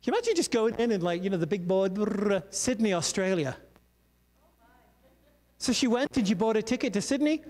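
A man's voice: high voice, big pitch swings, fairly quick, pauses often, darkish tone. A man preaching a sermon in a conversational, storytelling way, full of asides. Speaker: pastor. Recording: long hall reverb.

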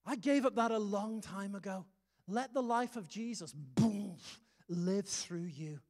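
A man's voice: sits high, a little mellow. A British man preaching a sermon, emphatic and humorous, with sudden punchy exclamations. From Britain. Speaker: pastor. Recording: long hall reverb.

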